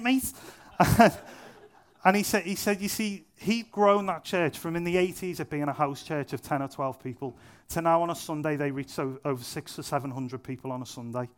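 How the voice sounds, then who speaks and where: A man's voice: fairly high pitch, brisk. A young man preaching a sermon in a church, casual and humorous, driving points home by repeating them. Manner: conversational, self-deprecating humour, emphatic repetition. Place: church venue.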